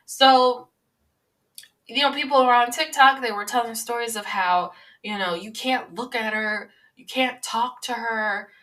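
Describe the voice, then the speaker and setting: A woman in her twenties chats her way through celebrity news on her podcast, rambling loosely and filling pauses with plenty of ums. Her voice is bright and sharp. She sits a little back from the microphone, so the sound is slightly distant. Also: on the high side. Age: 20s. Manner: rambling, chatty, many filler sounds. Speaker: podcast host. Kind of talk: casual celebrity-news monologue.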